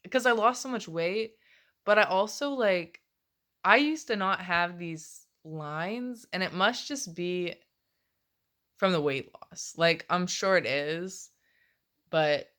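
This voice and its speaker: A woman's voice: mid-range voice, fairly bright tone. A woman in her late twenties rambling casually in a confessional vlog, swearing often and laughing between phrases. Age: late 20s. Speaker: vlogger.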